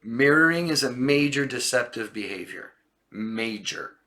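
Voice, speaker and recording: A man with a bright, forward voice explains body language to camera. He talks casually and keeps breaking into short acted lines that show how liars sound. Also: mid-range voice, lively intonation, unhurried. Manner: demonstrative, acts out liars' lines in a raised voice. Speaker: coach.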